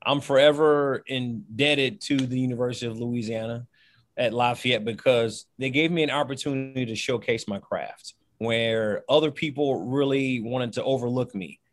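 A man speaks in an animated, emphatic way, with big swings in his delivery. He is a former football player who is a guest in an interview. The sound is dry and close-miked. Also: medium pitch, moderate pace, dry recording. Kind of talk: interview conversation.

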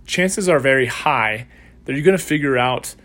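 A man's voice: mid-range voice, animated, normal speed, a bit bright. Man hosting a casual solo podcast. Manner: conversational storytelling, acts out quoted voices. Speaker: podcast host and coach.

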